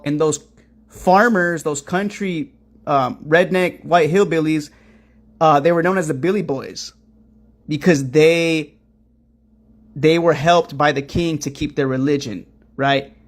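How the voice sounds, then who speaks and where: A man hosting a commentary stream, reacting to clips with an emphatic, profane delivery and a rhetorical "right?" after nearly every point. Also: a little high.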